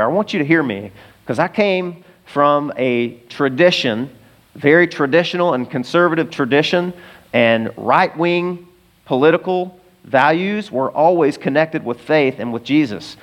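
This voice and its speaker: A middle-aged man preaches to his congregation in a relaxed, conversational way, tossing in asides and quick jokes. His voice sits a little higher than most men's. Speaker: pastor. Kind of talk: sermon.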